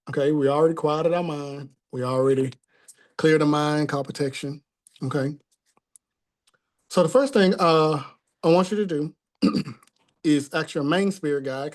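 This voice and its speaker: A man's voice: a little high, darkish tone. A man teaching a spiritual class in a conversational tone, often checking in with the listeners.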